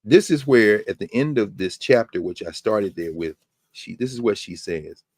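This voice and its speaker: A man's voice: fairly low pitch, moderate pace, husky, no echo, clean studio sound. A man hosting a lecture podcast, reading passages aloud and breaking off into emphatic commentary. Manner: animated, emphatic asides between quoted passages.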